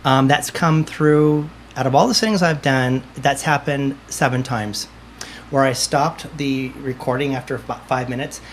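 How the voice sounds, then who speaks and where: A man's voice: mid-range voice, normal speed, a little hiss or hum. A man, a medium, chatting as a podcast guest and telling stories with acted-out dialogue. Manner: lively storyteller, acts out dialogue. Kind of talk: casual interview chat.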